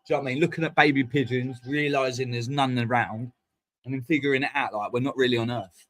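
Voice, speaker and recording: A man hosts a live stream, drifting from one thought to the next in loose, sweary football banter. His voice sits at an ordinary middle pitch for a man. He talks to his viewers in a casual, unscripted way. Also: very fast, a bit bright.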